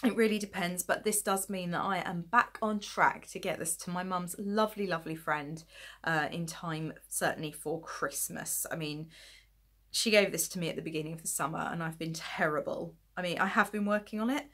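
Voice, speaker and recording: A woman's voice: lowish voice, fairly quick, a bit bright. A woman chatting casually about her knitting projects late at night, tired and yawning, rambling and poking fun at herself as she shows her work. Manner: chatty and rambling, self-deprecating, giggly. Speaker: knitting podcast host. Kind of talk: casual chat showing knitting to camera.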